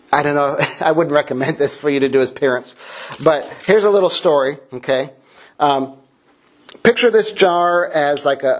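A man, a father of four, preaching a lively sermon with a playful, joking storytelling manner. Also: fairly high pitch. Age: adult parent. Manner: playful, jokey storytelling with laughs. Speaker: pastor. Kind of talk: sermon object lesson.

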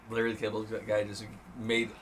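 A man co-hosting a podcast in casual chat, crude and laughing, with deadpan asides. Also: on the low side, a little slow, slight background noise. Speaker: podcast co-host.

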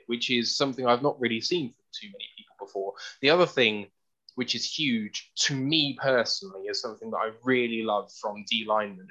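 Bright analytical man on a lo-fi line. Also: medium pitch. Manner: analytical, detailed explanations. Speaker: podcast co-host. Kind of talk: casual sports analysis.

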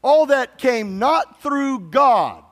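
High-voiced pastor preaching in a reverberant church. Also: male voice, very animated, extremely slow, fairly bright tone. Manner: call-and-response preaching, prompts congregation to say amen. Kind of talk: sermon. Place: church sanctuary. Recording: long hall reverb.

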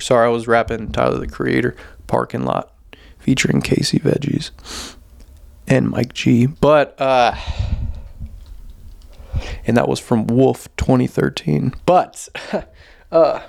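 A man's voice: medium pitch, steady tone, takes it slowly, creaky, pauses often. A young man ranting alone on his podcast, profane and rambling, often losing his train of thought. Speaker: podcast host and open-mic comedian. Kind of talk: solo podcast rant.

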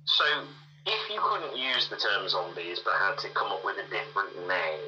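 A man playing in a tabletop game, talking in a casual, deadpan, joking way. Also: low-pitched, normal speed, muffled recording, soft background music. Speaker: player. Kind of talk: casual tabletop role-play.

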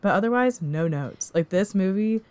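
A woman co-hosting a casual movie-review chat, retelling scenes in an animated way with lots of filler words. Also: medium pitch, normal speed, clean tone. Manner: animated retelling with acted-out quotes; many "like" fillers. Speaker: podcast co-host reviewing a movie.

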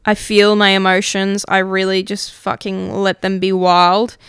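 Female podcast host, candid confessional monologue; very clean, smooth voice, dry close mic, casual and swears freely. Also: mid-range voice, flat delivery, a little slow, a bit bright, dry recording. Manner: open, emotional, swears casually; reflective, many fillers like "like".

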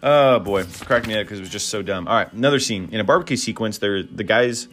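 A man's voice: fairly low pitch, quick pace, fairly bright tone. A man hosting a casual solo podcast, rambling through film recaps with frequent fillers and chuckles. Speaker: podcast host reviewing films.

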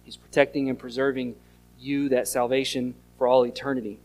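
A pastor, preaching an earnest sermon that mixes scripture reading and storytelling. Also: male voice, medium pitch, level tone, a little fast, darkish tone, faint music behind. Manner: earnest teaching tone, reads scripture aloud and tells stories.

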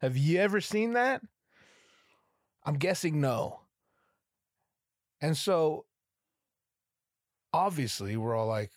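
A man hosting a podcast, with a hoarse, strained throat, telling rambling, sarcastic stories full of swearing. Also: fairly high pitch, animated, takes it slowly, long pauses, dry recording, studio quality. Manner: profane, rambling, sarcastic storytelling. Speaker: podcast host. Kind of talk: casual comedic monologue.

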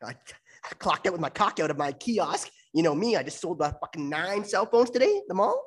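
Husky, crude co-host of a parody betting show. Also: male voice, sits high, big pitch swings, fairly quick. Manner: crude, boastful, swearing, sometimes whispers tips.

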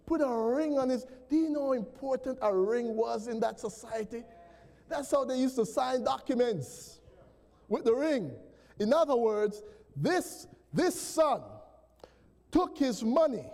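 A man preaching a sermon as pastor, animated and calling out to the congregation. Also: extremely high pitch, moderate pace. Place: church sanctuary. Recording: long church reverb.

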